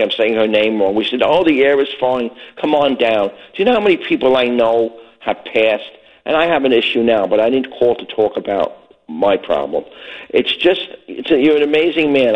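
A retired older man from Brooklyn calling in to a late-night radio show, earnest and halting, stumbling over his words. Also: mid-range voice. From Brooklyn, New York. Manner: earnest, halting with many restarts. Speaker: caller. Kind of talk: phone call to a radio show. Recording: muffled phone line.

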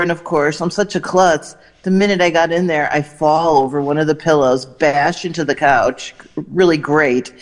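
A woman reporting entertainment news, telling lively, animated anecdotes and quoting people along the way. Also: sits low. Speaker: entertainment correspondent. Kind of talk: news segment storytelling.

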